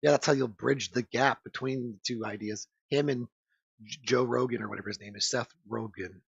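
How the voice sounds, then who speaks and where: Gravelly rambling man, lo-fi dry sound. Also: medium pitch, steady tone, brisk, dry recording. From United States. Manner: rambling, swearing, frequent fillers. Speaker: podcast co-host. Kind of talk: casual crude banter.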